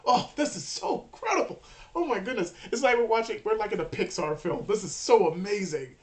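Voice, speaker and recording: A woman's voice: lowish voice, fairly quick, natural voice. A woman playing a gushing, oblivious churchgoer. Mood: giddy. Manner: gushing, exclamatory. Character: giddy adult churchgoer, thrilled and oblivious.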